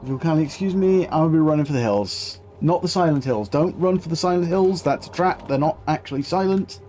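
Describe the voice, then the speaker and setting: A man streaming a game live, with a fairly high voice for a man. He keeps up a loose, chatty running commentary, swearing casually and answering his chat as he plays. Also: a little fast, mellow, a little hiss or hum.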